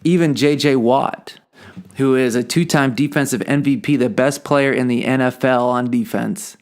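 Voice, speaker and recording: A man's voice: medium pitch, normal speed, a little mellow. A man hosting a podcast, talking earnestly in a motivational monologue and often repeating words as he thinks. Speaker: podcast host.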